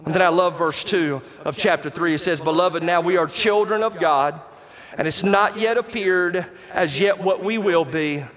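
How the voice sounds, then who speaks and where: A man preaching a sermon as pastor, emphatic and rising to shouts on key words, and calling out to the congregation for responses. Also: sits high, moderate pace. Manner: talks to the congregation directly, asks for responses. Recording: long reverb of a large hall.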